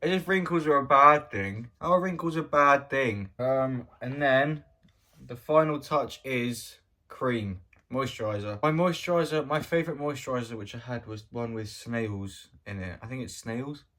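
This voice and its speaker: A man's voice: medium pitch, moderate pace, pushed and bright. A man talking casually in a vlog, rambling and joking, often trailing off into mumbled asides. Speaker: vlogger.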